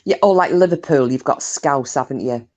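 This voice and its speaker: A woman's voice: a bass voice, moderate pace, dark tone, dull audio. A woman chatting casually with her live stream viewers, talkative and self-mocking, swearing freely.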